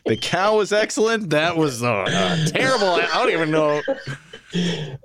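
A man's voice: high-pitched, expressive, moderate pace, a loud crowd. A man co-hosting a talk show, chatting in a playful, teasing way. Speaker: co-host. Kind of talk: casual talk show chat. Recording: noisy background.

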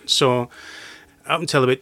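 A man telling a story as a podcast guest in casual talk, swearing freely and getting animated. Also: medium pitch, normal speed, no room sound. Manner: profane, animated anecdote-teller.

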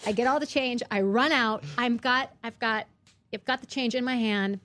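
A woman's voice: a little high, normal speed. A woman in her thirties, a guest in casual chat, telling stories animatedly with many restarts. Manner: animated storytelling, frequent restarts.

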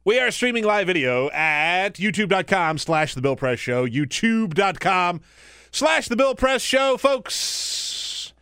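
A man filling in as host of a political talk radio show, joking and animated, laughing easily. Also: high voice, slow, clean tone. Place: radio studio.

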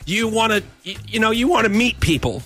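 A man's voice: sits high, animated, a little fast, pushed and bright, soft background music. A man co-hosting a casual chat, rambling and self-deprecating as he tells a story. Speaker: co-host.

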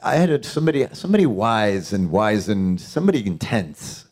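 A middle-aged man from New York chats with an audience at a panel Q&A. His voice sits fairly low but moves a lot as he tells animated stories. He laughs his way through quick asides. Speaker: actor, panel guest. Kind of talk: casual storytelling at a panel Q&A.

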